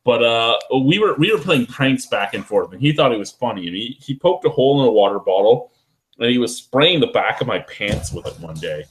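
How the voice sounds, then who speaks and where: A man's voice: mid-range voice, very animated, a little fast, low-quality recording. A man hosting a beer review show, telling rambling, profane stories in casual chat while a little tipsy.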